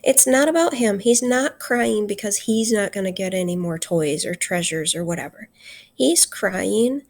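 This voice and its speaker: A woman teacher giving a recorded literature lesson, earnest and slowing down to stress key points. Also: mid-range voice, expressive, darkish tone. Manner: earnest, slows down for emphasis.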